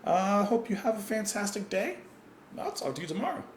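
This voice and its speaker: A man's voice: sits high, very animated, a little fast, echoey room, slight background noise. A man hosting a music reaction channel, thoughtfully reading lyrics aloud and explaining what they mean. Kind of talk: song reaction and lyric breakdown.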